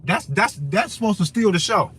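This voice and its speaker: Man, fairly high voice, brash profane rant, faint road noise. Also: very animated, moderate pace. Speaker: vlogger. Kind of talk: profane ranting monologue.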